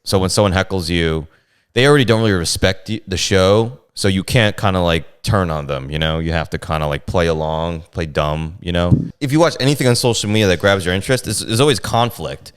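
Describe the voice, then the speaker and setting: Low-pitched and a little fast, this man's clean-toned voice belongs to a comedian appearing as a guest. He chats casually about heckled gigs, animated and profane, performing the voices of the people in his stories.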